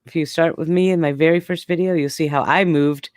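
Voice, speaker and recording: A woman's voice: deep voice, fairly even intonation, fairly quick, no room sound, clean studio sound. A woman in her forties talking candidly in casual chat, often breaking into laughs. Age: 40s.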